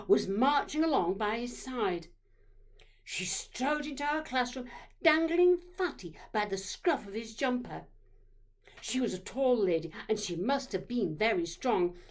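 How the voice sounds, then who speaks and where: A woman narrating a childhood memoir story, expressive and dropping to dramatic whispers. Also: medium pitch.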